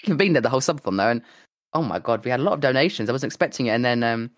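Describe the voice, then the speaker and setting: A young man co-hosting a casual chat, animated and swearing, acting out what people said. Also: medium pitch, racing, no room sound. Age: young adult. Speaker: podcast co-host and streamer.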